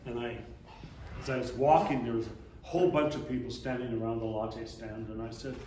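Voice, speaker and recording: An older man, an abbot, telling a lively story to a congregation, now and then throwing in a big booming laugh. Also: brisk. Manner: animated storyteller, booming put-on Santa laughs. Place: church hall. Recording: echoey hall, speaker far from mic, faint hiss.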